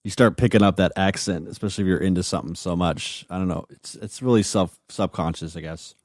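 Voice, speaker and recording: A man co-hosting a podcast, playful and quick to laugh, riffing along in casual chat. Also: sits low, darkish tone, no room sound, studio quality. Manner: playful, laughs often, riffs on accents. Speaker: podcast co-host.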